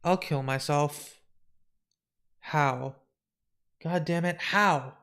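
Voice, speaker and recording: A lonely, despairing shapeshifter woman, read aloud by a man in a live comic book reading. She talks haltingly, with stammers and restarts, sounding hopeless. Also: on the high side, a bit bright, smooth, full character voice. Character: sad lonely shapeshifting woman wanting death.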